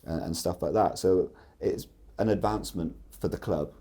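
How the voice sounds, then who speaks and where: A man's voice: deep voice, moderate pace, gravelly, dark tone, husky. A man, a podcast guest telling chatty, rambling anecdotes. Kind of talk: casual storytelling.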